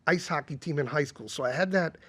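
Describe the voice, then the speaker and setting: A man appears as a podcast guest and talks about coaching golf. He tells anecdotes in an easygoing way. His voice sits a little high for a man. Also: a little fast, a bit bright, slightly rough. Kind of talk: casual podcast chat.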